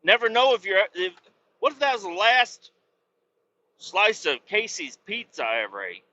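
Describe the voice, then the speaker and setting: A man's voice: high-pitched, huge pitch swings, normal speed, bright, forceful tone, lo-fi sound. A man hosting a podcast from his truck cab, rambling and joking with lots of swearing in a casual monologue. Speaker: podcast host. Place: truck cab while driving.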